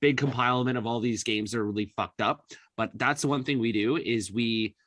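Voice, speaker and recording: A man's voice: medium pitch, a little fast, a bit bright, dry recording. Profane, ranting man on a dry mic. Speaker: podcast co-host. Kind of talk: casual sports chat.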